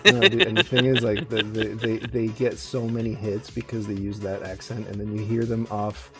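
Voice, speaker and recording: A man's voice: lowish voice, flat delivery, normal speed, over music. A man co-hosting a radio show, chatting casually and rambling with lots of fillers, restarts and swearing. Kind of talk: casual chat.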